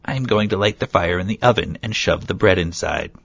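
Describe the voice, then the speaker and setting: A man's voice: deep voice, a little fast, creaky, fairly bright tone, breathy edge, exaggerated voice. A man reading the lines of a wicked, bossy old witch in a storybook tale, barking harsh orders. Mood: commanding. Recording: dull lo-fi recording.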